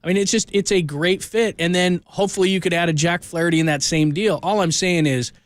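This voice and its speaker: A man's voice: sits high, steady tone, fairly quick, dry recording. A man hosting a sports radio show, arguing his point insistently and repeating himself as he talks. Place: radio studio.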